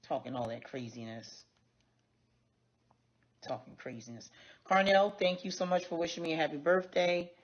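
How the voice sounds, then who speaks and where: A woman's voice: sits low, normal speed, pauses often. Blunt, cussing woman streamer, dull lo-fi sound. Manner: blunt, profane, talks straight to viewers. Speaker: livestream host. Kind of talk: casual livestream chat.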